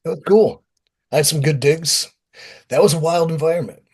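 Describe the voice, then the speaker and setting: A man being interviewed as a pro wrestler guest, talking in a blunt, profane, lively storytelling way. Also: fairly high pitch, normal speed, breathy edge. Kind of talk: casual interview talk.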